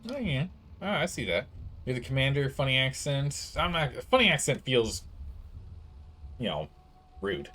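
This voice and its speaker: A man's voice: mid-range voice, big pitch swings, normal speed, long pauses, sharp tone. A man streaming a video game, giving rambling commentary with laughing asides. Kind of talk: let's play commentary.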